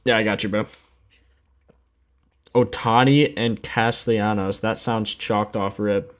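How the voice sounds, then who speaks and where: A man's voice: on the low side, steady tone, a little slow. A man hosting a sports betting livestream in casual chat, laid-back and slangy, sleepy after just waking up, reading stats aloud and answering chat.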